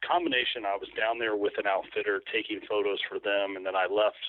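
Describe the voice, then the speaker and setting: A man's voice: fairly low pitch, fairly even intonation, brisk, no room sound. A man talking casually as an interview guest, rambling with fillers and restarts. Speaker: guest, hunting photographer. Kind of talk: casual interview over the phone. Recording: tinny phone line.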